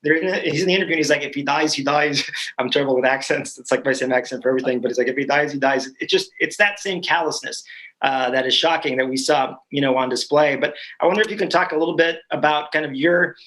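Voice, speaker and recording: A man's voice: on the high side, quick pace, a bit bright, rough recording. A man hosting an online panel discussion, friendly and rambling, with frequent restarts. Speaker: host.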